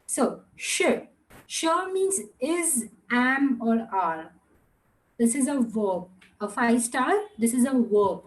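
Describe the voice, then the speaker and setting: A woman's voice: a little high, animated, low-quality recording. A woman teaching a Mandarin lesson online, drawing out each word for students to repeat. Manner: slow, drawn-out model pronunciation with repeat-after-me drills; switches into Hindi and Gujarati asides.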